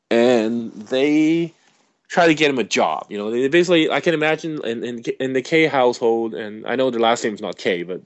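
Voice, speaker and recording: A man telling a rambling, animated anecdote in casual chat, full of fillers and restarts. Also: medium pitch.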